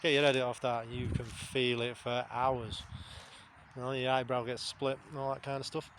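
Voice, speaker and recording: This vlogger from England has a mid-range, slightly bright voice and a flat delivery at normal speed. His casual monologue to camera is blunt, rambling, and sweary, with slight background noise.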